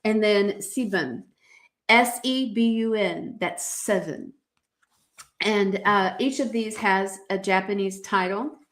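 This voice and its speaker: Woman doing a motivational podcast, reads from her journal, preachy and encouraging, mid pitch. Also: slow pace. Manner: emphatic, preacher-like exhortations. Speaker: podcast host.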